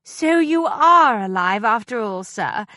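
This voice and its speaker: Woman reading a prim, brisk governess. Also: fairly high pitch, expressive, bright, forceful tone, no echo, clean studio sound, heavily acted. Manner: precise, prim and firm.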